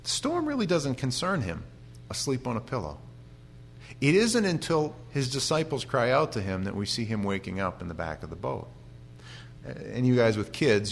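A male pastor giving an animated sermon with humorous stories and frequent restarts. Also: sits low, vocal fry, a little hiss or hum.

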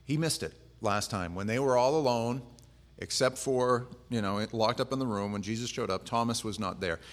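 A man's voice: mid-range voice, normal speed. Man giving a casual, humorous sermon. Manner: casual, humorous, acts out quoted lines. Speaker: pastor. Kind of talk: conversational sermon.

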